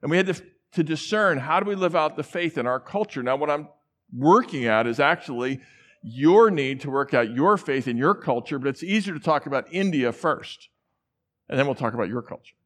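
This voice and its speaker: A middle-aged man from the central United States preaches to a large church. His voice sits a little high, and he tells stories in a casual, conversational way. He acts out the voices of the people he quotes. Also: lively intonation, a little fast, fairly bright tone. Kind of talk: sermon with personal stories.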